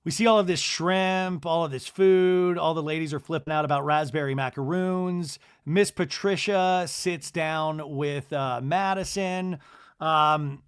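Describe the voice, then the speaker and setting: A man hosting a solo podcast, recapping reality TV in a gossipy, animated storytelling way with quick asides. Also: high voice, clean tone. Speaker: podcast host.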